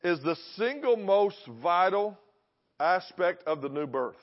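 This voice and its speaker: A man's voice: high-pitched, expressive, measured pace. A man preaching a sermon to a church congregation, emphatic, repeating phrases and putting questions to the crowd. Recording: dull lo-fi recording.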